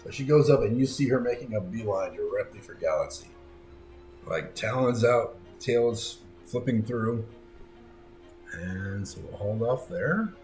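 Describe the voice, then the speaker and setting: A man's voice: on the low side, a little slow, a little mellow. A man narrating a tabletop game as game master in a casual, descriptive way. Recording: roomy echo, faint background music.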